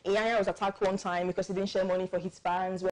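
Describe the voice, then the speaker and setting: A woman's voice: medium pitch, level tone, fast, rough recording. Nigerian lady host, moving the chat along, asks questions. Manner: leads the topics, asks questions. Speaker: talk show host. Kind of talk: casual panel chat.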